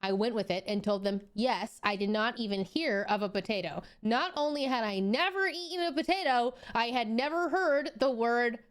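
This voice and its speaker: A woman's voice: fairly high pitch, normal speed, hardly any pauses. A young woman streaming, reading a story aloud and reacting to it in disbelief, swearing and laughing as she goes. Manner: animated and incredulous, swearing freely, laughing often. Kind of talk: casual live-stream reaction.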